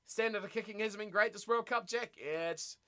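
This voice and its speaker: A man hosting a live watch party stream, reacting excitedly to a rugby match and chatting with viewers. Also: sits high, brisk. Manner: excitable, chatty, reads viewer messages aloud.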